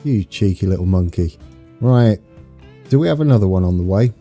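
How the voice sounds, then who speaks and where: Brief: British male streamer, lowish voice, very dark and mellow, eager and chatty over faint music. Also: brisk. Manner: excitable, chatty, talks to viewers. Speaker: game streamer. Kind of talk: live gameplay commentary.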